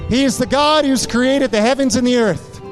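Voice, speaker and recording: A man's voice: extremely high pitch, normal speed, faint music behind. A male pastor preaching with fervent, repeated exhortations during a church service. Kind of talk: sermon.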